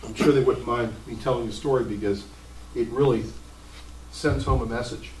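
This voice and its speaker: A middle-aged male pastor delivering a sermon, telling stories in an animated, emphatic way with sudden jumps in pitch. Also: normal speed, a little hiss or hum. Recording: roomy sound from a distant mic.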